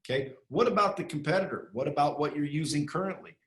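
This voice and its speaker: A man being interviewed as a guest, talking bluntly and emphatically with casual swearing and rapid-fire questions. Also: on the high side, animated. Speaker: interview guest, sales training entrepreneur. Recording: echoey room.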